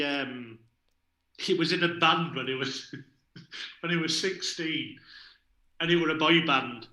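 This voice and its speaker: A man's voice: on the high side, bright, forceful tone, roomy sound. A man telling chatty anecdotes on a video call, often repeating words and chuckling. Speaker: guest. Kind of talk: casual chat on a video call.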